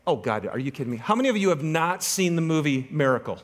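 A man's voice: fairly high pitch, fast. A man preaching a sermon, telling a story with humor and teasing the congregation. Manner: animated storytelling, joking with the congregation. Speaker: pastor.

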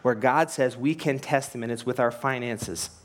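Speaking at a moderate pace in a mid-range voice, a pastor gives an earnest, emphatic sermon. Rhetorical questions mix with anecdotes, which he tells with light laughs.

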